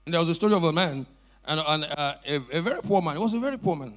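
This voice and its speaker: A man's voice: on the high side, fast. A male pastor preaching a sermon in church, telling a story and calling on the congregation to respond. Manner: animated storytelling with call-and-response.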